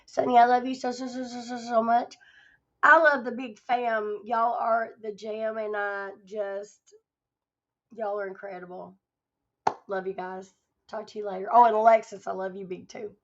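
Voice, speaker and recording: A woman's voice: on the high side, flat delivery, moderate pace. A tired woman, chatting affectionately and rambling with her livestream viewers as her voice starts to give out. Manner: affectionate, rambling, laughs often. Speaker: livestream host. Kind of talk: casual livestream chat with viewers. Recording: dull lo-fi stream audio.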